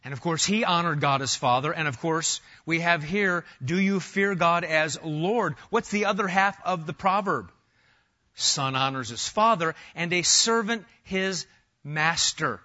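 A middle-aged man preaching a sermon as pastor, animated, swinging between loud emphasis and soft asides. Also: on the high side, a little slow, lo-fi sound.

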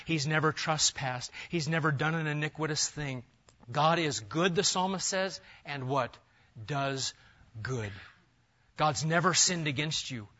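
A man's voice: a little high, pushed and bright. A man preaching a sermon as pastor, building his points in emphatic rising lists. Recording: dull lo-fi sound.

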